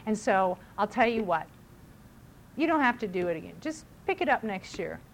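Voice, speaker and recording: A woman's voice: mid-range voice, very animated, normal speed, gravelly, noisy background. A middle-aged mother giving casual parenting advice, chatty, who acts out what people say. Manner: chatty, acts out voices in quotes.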